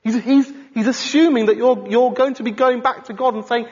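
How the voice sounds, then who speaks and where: A man preaching a sermon in an animated, conversational way, often asking his congregation questions. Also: very high voice, a little fast. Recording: dull sound in a reverberant hall.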